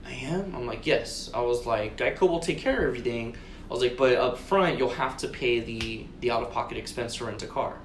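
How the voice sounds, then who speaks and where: A man's voice: medium pitch, a little fast. A man co-hosting a podcast, telling a long story in casual chat, swearing and acting out both sides of a conversation. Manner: profane, rambling, retells conversations. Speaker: podcast co-host. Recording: roomy echo with faint noise.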